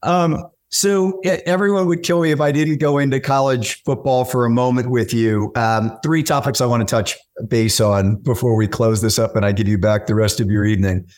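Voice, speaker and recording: A middle-aged man hosting an interview, telling quick, chatty anecdotes and asking long questions. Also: medium pitch, steady tone, darkish tone. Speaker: interview host. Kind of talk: casual conversation.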